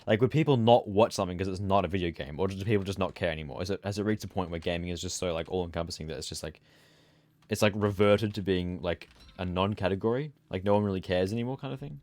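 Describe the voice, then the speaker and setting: A man's voice: low voice, quick pace, a little mellow, no room sound. A sleepy young man streaming a game, chatting casually and rambling as he trails off into mumbles. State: sleepy, yawning. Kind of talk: casual gameplay chat.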